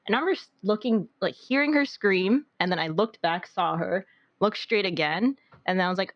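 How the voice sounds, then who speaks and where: A young woman co-hosts a podcast, telling a rambling, casual story packed with "like." Her medium-pitched voice is brisk, and the recording sounds muffled with no room sound.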